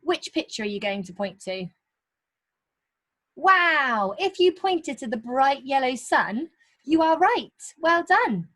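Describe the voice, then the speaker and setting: A woman teaching young children in a recorded lesson, encouraging and sing-song, stretching key words out slowly. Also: sits high, big pitch swings, pushed and bright. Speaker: primary school teacher.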